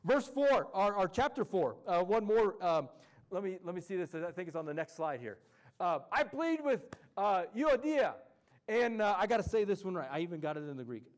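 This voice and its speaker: A male pastor preaching a sermon in an animated, folksy way, acting out quotes. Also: high voice, moderate pace.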